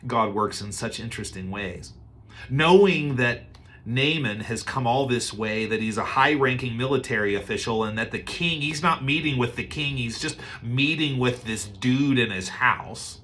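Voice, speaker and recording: A male pastor delivers a sermon in a relaxed, conversational manner. He retells scripture with animated energy, and his voice sits in a middle pitch. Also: unhurried.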